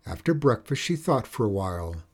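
A man reading a children's story aloud in a steady, measured way. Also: fairly low pitch, slightly rough.

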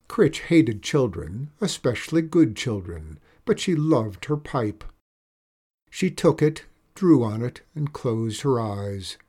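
Male storyteller, expressive and animated, breathy tone. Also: medium pitch. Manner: expressive, slow storybook reading. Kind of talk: reading a children's story aloud.

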